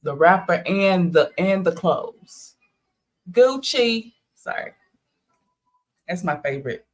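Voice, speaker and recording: A woman's voice: fairly low pitch, expressive, slow pace. A woman chiming in with casual, slangy, sarcastic commentary. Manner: drawling, slangy, sarcastic asides.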